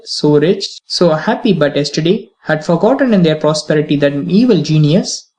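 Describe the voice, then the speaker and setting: A woman's voice: low-pitched, warm tone, natural voice. An audiobook reader voices an earnest, tender-hearted young wife who presses her point with pleading questions.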